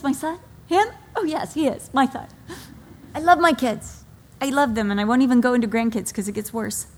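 A woman's voice: medium pitch, a little hiss or hum. Middle-aged woman preaching with heartfelt emphasis. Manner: heartfelt, emotional storytelling about her children; slow, deliberate emphasis on key phrases. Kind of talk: sermon.

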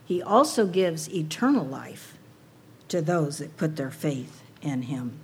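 A woman's voice: low voice, very animated, slow, slightly rough. A woman preaching a sermon to a women's audience, earnest and personal, asking rhetorical questions.

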